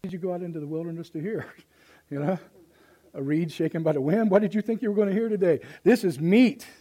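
Fired up pastor guy, kinda high voice, folksy, goes quiet then loud, live in church. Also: quick pace, rough recording. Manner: folksy, impassioned, swings from hushed to loud. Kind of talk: sermon.

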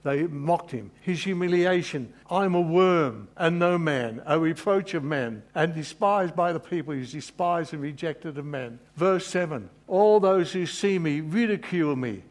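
A man's voice: fairly high pitch, expressive, measured pace, few pauses. A man preaching a sermon in an earnest, emotional way, rambling and restarting as he goes. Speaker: pastor.

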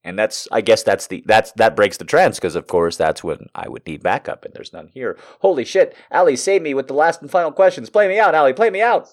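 A man's voice: on the low side, a little fast, few pauses. A young man hosting a podcast, rambling through crude, self-deprecating jokes in casual comic chat. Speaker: podcast host. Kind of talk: casual comedic monologue.

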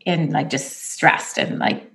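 A woman's voice: takes it slowly, a bit bright. A woman hosting a casual conversation, encouraging and direct as she gives advice.

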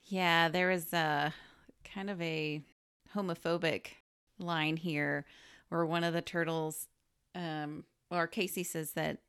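A woman co-hosting a podcast in casual chat, reacting quickly with wry asides. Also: low-pitched, fairly even intonation, fairly bright tone, smooth. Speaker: podcast co-host.

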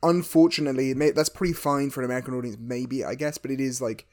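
A man's voice: mid-range voice, fairly even intonation, fast, a little mellow. A man co-hosting a casual podcast, hedging and restarting as he critiques a film. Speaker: podcast co-host. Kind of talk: casual film review chat.

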